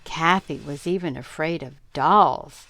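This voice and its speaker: A woman's voice: deep voice, unhurried, a bit bright, a little hiss or hum. An older woman voicing a confident, chatty mother friend who talks in a matter-of-fact way.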